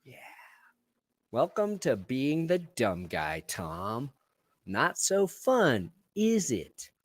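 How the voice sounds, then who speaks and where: Male co-host, dry ribbing delivery, very animated pitch, no room sound. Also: extremely slow, dry recording. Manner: dry teasing, slangy. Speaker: podcast co-host. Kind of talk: casual sports podcast banter.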